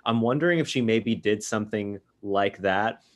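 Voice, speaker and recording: A man co-hosting a podcast, talking in animated, casual bursts full of restarts. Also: on the low side, normal speed. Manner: animated storytelling with many restarts. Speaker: podcast co-host.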